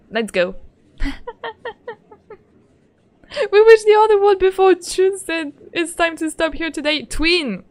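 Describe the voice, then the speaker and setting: A woman's voice: very high voice, animated, slow, pauses often. A woman streaming a game in casual, playful chat, speaking English as a second language and giggling often as she greets her viewers.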